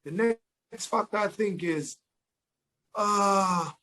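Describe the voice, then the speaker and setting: Jamaican man, fairly high voice. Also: extremely slow, low-quality recording. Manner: relaxed, repeats words, breaks into his song lines. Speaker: dancehall artist, interview guest. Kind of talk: casual interview talk.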